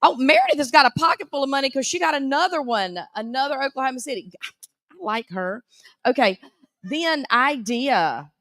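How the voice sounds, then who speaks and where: A woman with a Southern American accent announcing prize winners at a live event, teasing and animated. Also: sits high, moderate pace, no echo, clean studio sound. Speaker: auction emcee.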